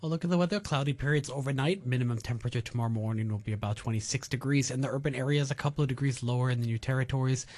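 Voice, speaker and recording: A man reading the news in a measured, formal way as a radio anchor in a studio. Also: mid-range voice, steady tone, darkish tone. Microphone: studio mic.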